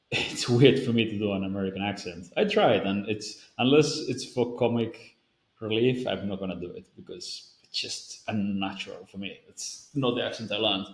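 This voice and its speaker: Low-voiced man from Spain, rambling. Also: moderate pace. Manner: rambling, self-correcting, with frequent fillers. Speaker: language-learning video creator. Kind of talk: casual answer to a viewer question. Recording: roomy echo.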